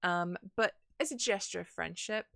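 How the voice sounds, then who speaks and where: A woman voicing a controlling male nobleman who dictates in a measured, falsely friendly way. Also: lowish voice, gravelly, pushed and bright, dry recording, clean studio sound. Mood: smooth.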